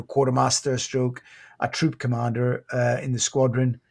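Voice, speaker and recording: British ex-commando telling war stories haltingly. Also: male voice, mid-range voice, darkish tone. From Britain. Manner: halting, restarts often, sombre recounting. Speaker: guest, former Royal Marine Commando. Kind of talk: podcast interview storytelling.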